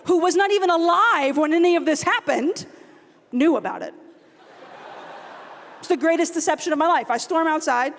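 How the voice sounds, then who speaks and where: A young woman from the American South giving an animated storytelling talk at a youth conference, acting out her family members as she goes. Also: very high-pitched, moderate pace, long pauses. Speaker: conference speaker. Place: large conference hall. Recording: long hall reverb.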